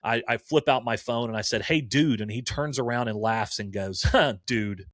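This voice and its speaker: A man's voice: medium pitch, a little fast, no room sound, studio quality. A man in his forties, a campus minister, telling stories in casual conversation and acting out the quoted dialogue. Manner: animated storyteller who acts out quoted dialogue.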